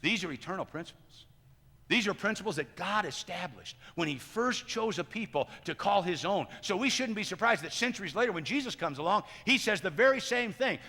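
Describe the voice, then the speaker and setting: High bright-voiced preacher in a hall. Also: male voice, lively intonation, fairly quick. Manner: swings between loud emphatic lines and hushed quiet ones. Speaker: pastor. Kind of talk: sermon. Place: church sanctuary.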